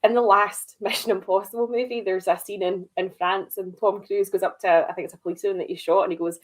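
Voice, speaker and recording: A woman co-hosting a film podcast, chatty and animated, with lots of "like" and "you know". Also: medium pitch, quick pace. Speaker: podcast co-host. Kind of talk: casual film discussion.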